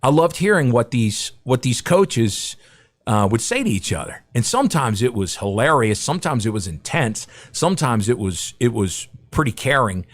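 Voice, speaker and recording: A man's voice: medium pitch, sing-song, moderate pace. A middle-aged man, a guest broadcaster, telling anecdotes in a podcast interview and acting out the quotes.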